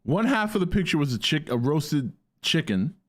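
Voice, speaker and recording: A man's voice: on the high side, very animated, moderate pace. A man chatting playfully on a live stream, joking around and talking to his dog. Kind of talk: casual live stream chat.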